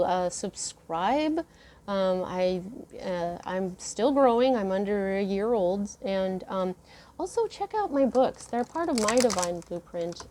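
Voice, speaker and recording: She is a woman with a voice of ordinary pitch who talks her viewers through a tarot reading. She is earnest and chatty, and she rambles along in a loose, personal way. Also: a little mellow, slight background noise. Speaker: tarot reader. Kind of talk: casual spoken tarot reading.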